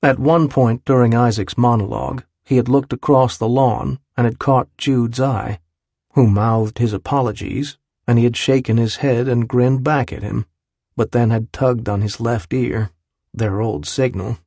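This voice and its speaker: Gravelly man narrating an audiobook. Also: medium pitch, fairly even intonation, measured pace, a little mellow, no echo, studio quality. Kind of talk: scripted narration.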